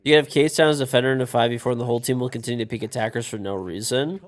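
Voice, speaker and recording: A man's voice: mid-range voice, steady tone, rapid-fire. A man streaming and co-commenting a match, talking in a loose, rambling way, full of "like" and "dude". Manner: rambling, filler-heavy, says "dude" often. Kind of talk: casual stream chat.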